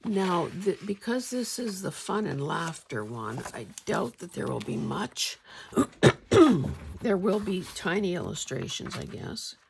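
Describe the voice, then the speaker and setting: A woman vlogger chatting casually about her finds in a wry, meandering way, often clearing her throat. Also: fairly low pitch, sing-song, takes it slowly, slight background noise. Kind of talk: casual show-and-tell chat.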